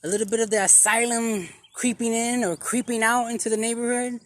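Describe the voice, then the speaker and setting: In a comic vlog sermon, a man plays a self-styled street preacher, speaking theatrically with dramatic pauses and repeated phrases. His voice is very high and level in tone.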